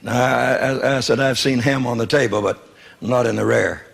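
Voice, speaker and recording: With a mid-range, steady voice at normal speed, creaky and slightly breathy, a man from the American South tells his testimony as a sermon. He's folksy and funny, spinning wry stories and performing the dialogue he quotes.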